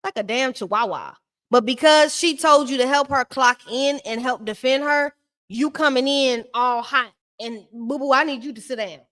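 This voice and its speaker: A woman with a voice pitched a little on the high side talks through a reality show episode in casual recap commentary. Her delivery is sassy and blunt, full of slang and direct asides to the people on screen. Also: moderate pace, a bit bright.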